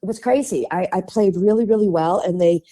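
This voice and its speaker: A woman from Chicago with a Midwestern accent, a guest on a podcast, telling chatty and animated stories, laughing often and acting out the voices of people she quotes. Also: mid-range voice, fairly quick. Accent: Midwestern American. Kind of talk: casual interview storytelling.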